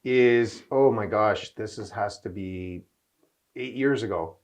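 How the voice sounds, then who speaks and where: A middle-aged man hosting an interview show, telling anecdotes in a rambling, excited way. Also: lowish voice, slow. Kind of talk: casual interview chat.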